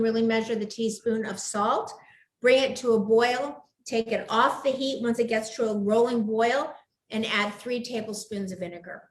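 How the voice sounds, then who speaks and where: Gushing cooking show hostess, echoey kitchen. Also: female voice, on the high side, a little hiss or hum. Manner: enthusiastic, gushing. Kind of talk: live cooking demo chat. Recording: echoey room.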